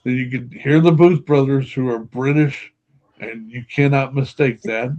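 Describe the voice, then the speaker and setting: Older man, a guest telling an animated story, mid-range voice, slightly dull recording. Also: medium pitch, moderate pace. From Kentucky, USA. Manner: animated storyteller, laughs often, acts out quotes. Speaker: podcast guest, paranormal investigator. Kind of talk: storytelling anecdote in casual chat.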